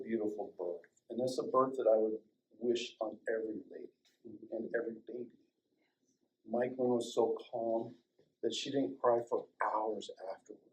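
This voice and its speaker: An older man recounts a personal story in an animated way. He acts out the dialogue in raised voices and drops to a near-whisper at the tender moments. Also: fairly low pitch, low-quality recording. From Colorado, United States. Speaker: chiropractor and guest speaker. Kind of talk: storytelling talk to a small audience.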